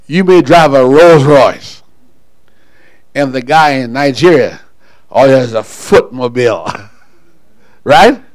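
A pastor preaching a sermon to his congregation, calling people up front and pausing for call-and-response. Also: mid-range voice, animated, no echo, rough recording.

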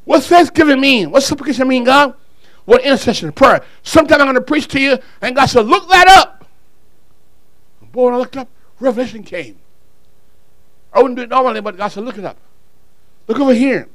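A man preaching a sermon, swinging from quiet, low asides to shouted calls to the congregation. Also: no echo. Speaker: pastor.

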